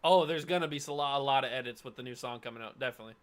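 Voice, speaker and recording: A man hosting a live watch-party reaction, chatting excitedly and talking to viewers by name. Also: medium pitch, rapid-fire, clean tone. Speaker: reaction channel host.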